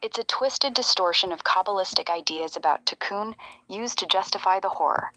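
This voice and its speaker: A woman reading out a summary in a measured, explanatory way. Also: medium pitch, sharp tone, dry recording, poor audio. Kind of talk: read-out summary narration.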